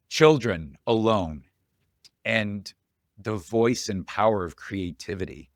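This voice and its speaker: A man's voice: on the low side, lively intonation, slow, pauses often, no room sound, clean studio sound. A man hosting a podcast interview, moved and full of praise for his guest. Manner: warmly moved, effusive praise. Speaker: podcast host.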